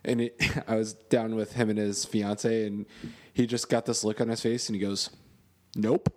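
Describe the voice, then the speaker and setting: A man's voice: fairly low pitch, little pitch movement, moderate pace. A young man co-hosting a podcast, telling stories in a rambling way and laughing often. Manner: laughing storyteller, rambling with fillers. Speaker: podcast co-host. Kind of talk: casual chat.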